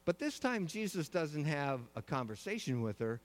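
A man preaching a sermon in a slightly high voice. He tells the story in measured phrases and lets weighty pauses hang. His words trail into a long reverb that rolls through the large hall. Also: animated. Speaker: pastor.

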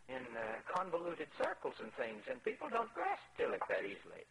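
A man's voice: on the high side, huge pitch swings, fairly quick, vocal fry, heavy background noise, voice pushed up, exaggerated voice. Heckler voice on tape, played by a man, raised and challenging. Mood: skeptical. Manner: skeptical, challenging. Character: man's own taped voice heckling a preacher.

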